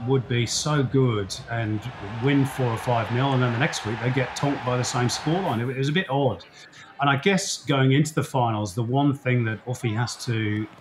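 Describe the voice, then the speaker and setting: Man, football commentator, casual interview chat, easygoing analysis, medium pitch. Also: slight background noise. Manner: relaxed, chatty analysis with frequent fillers.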